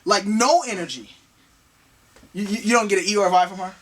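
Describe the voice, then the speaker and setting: A man's voice: high voice, normal speed, fairly bright tone, far from the mic. A man co-hosting a casual movie review chat, rambling and slangy, with a taste for big words. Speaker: co-host of movie review show.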